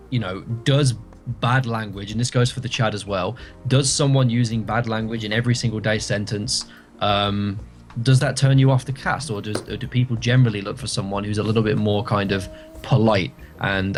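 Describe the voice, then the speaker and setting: A British man chatting as a podcast guest, giving long winding explanations. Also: fairly low pitch. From Britain. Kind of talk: casual podcast chat.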